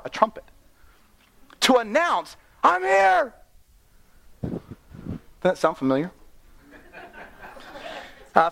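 Animated young male preacher, high voice. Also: a little hiss or hum. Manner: animated, playful, laughs at own asides. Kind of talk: sermon.

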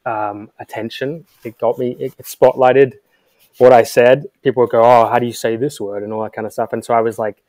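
A young man from England with a mixed English and American accent, a soft-spoken, laid-back podcast guest. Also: mid-range voice, steady tone, brisk, no echo. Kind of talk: casual interview chat.

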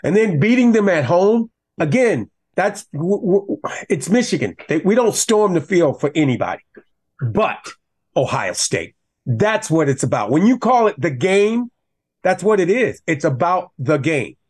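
A man, a former college running back, talking football as a guest in a passionate, animated way that rises when he gets riled up. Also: sits high, unhurried, breathy edge. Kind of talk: casual sports talk.

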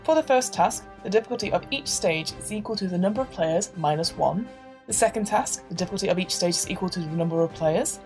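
A woman game master narrating a tabletop session and explaining its rules in a clear, measured way. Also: lowish voice, lively intonation, a little mellow, faint music behind.

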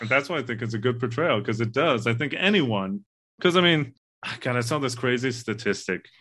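A man's voice: mid-range voice, animated, moderate pace, fairly bright tone. A man co-hosting a casual movie discussion, talking in an earnest, rambling way and swearing casually. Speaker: podcast co-host.

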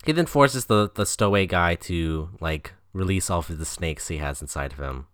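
A man's voice: low-pitched, lively intonation, normal speed, a bit bright, smooth, dry recording, clean studio sound. A man co-hosting a casual podcast, recapping a movie plot in a laid-back way with fillers. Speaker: podcast co-host.

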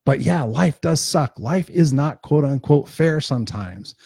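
A man's voice: on the high side, expressive, a little slow, gravelly, warm tone, breathy edge, no echo, clean studio sound. A man giving an unscripted motivational talk as host of his own live stream, passionate and swearing freely, repeating points for emphasis.

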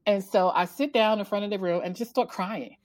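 A woman guest in a casual interview, animated, telling her story and laughing often. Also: brisk. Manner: animated, laughs often, acts out quotes in a higher voice. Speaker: podcast guest, author and coach.

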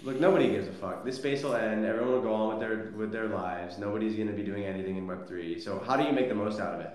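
A man's voice: fairly low pitch, quick pace, a little mellow. Blunt, profane man in an echoey room. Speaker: Web3 spaces host. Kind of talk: casual livestream chat. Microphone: phone.

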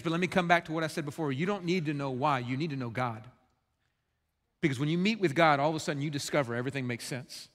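A male pastor preaching a sermon, impassioned and swinging between loud outbursts and hushed, quiet passages. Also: high-pitched, big-room sound.

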